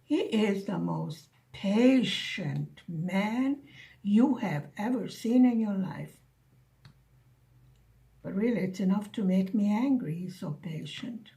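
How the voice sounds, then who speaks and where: A woman vlogger chatting softly and musingly with her viewers while doing a diamond painting. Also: mid-range voice, lively intonation, slow pace, vocal fry. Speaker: craft vlogger. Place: living in Hungary, at home.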